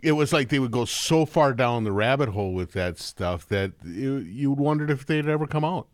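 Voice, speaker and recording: A man hosting a podcast interview, asking questions and adding relaxed, joking asides. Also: mid-range voice, moderate pace, background noise. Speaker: podcast host. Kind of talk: conversational interview.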